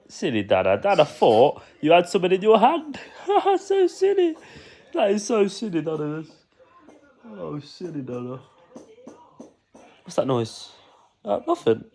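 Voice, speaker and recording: A man's voice: on the high side, vocal fry, darkish tone. A man playing with his young child, teasing in a sing-song way and often laughing. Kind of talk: playful talk with a toddler.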